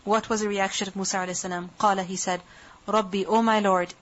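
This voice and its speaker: A woman's voice: medium pitch, flat delivery, fast talker. A woman giving a scripture lesson, asking her class questions and answering them herself, moving between recited verses and English explanation. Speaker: Quran teacher. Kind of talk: tafseer lecture. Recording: muffled lo-fi lecture recording.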